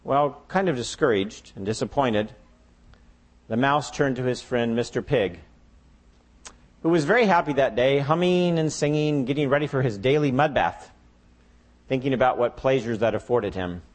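Pastor guy telling a story in his sermon, lively storyteller delivery. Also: medium pitch, normal speed. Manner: expressive, storytelling.

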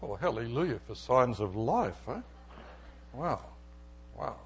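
A man's voice: mid-range voice, big pitch swings, unhurried, slight background noise. A middle-aged male pastor preaching, telling a personal story and acting out its dialogue. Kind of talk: sermon with storytelling.

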